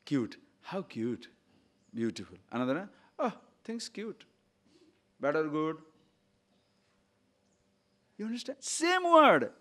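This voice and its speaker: An older man, giving a spiritual discourse full of rhetorical questions and repeated words, his pitch and loudness rising and falling widely. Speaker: spiritual teacher.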